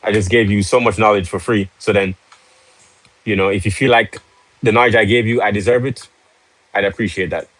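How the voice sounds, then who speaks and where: A man's voice: lowish voice, steady tone, a little fast, pauses often, a bit bright, no room sound, rough recording. A man hosting a live stream, casual and pushy, urging viewers with rhetorical questions and joking with the chat. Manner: salesy, pushy, laughs easily. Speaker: livestream host.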